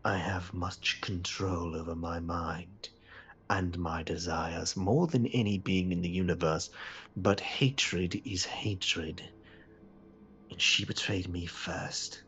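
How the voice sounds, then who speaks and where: A man voicing a haughty imprisoned queen who speaks slowly and coldly, often in a whisper. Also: sits low, steady tone, voice pushed down, heavily acted. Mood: whispered, seductive. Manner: slow, cold, often hushed to a whisper. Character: haughty imprisoned queen, woman, cold and hateful.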